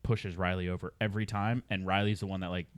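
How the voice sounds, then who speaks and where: Chill young dude podcasting, lowish voice, dead dry sound. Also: male voice, little pitch movement, fast, clean tone, no echo. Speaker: podcast co-host. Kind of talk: casual chat.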